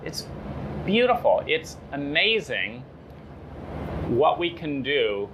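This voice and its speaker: A man giving a motivational self-help talk, pausing often with fillers and firing off rhetorical questions. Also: mid-range voice, animated, background noise. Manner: slow, halting with frequent fillers.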